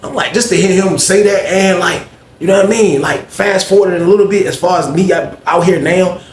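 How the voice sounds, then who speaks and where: A man's voice: sits high, fairly quick, slight background noise. A man telling a story in a casual, slangy way, often adding "you know what I mean". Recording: echoey room.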